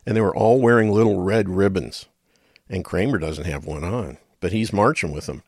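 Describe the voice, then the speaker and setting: A man's voice: low voice, moderate pace, a little mellow, dry recording, studio quality. A middle-aged man hosting a radio talk show, rambling in a folksy way with chuckles and muttered asides.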